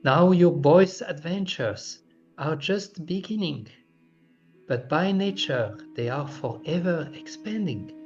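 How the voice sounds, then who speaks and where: Man reading as complaining village women, exasperated, slow, lively pitch, faint music. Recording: dull lo-fi recording with faint music.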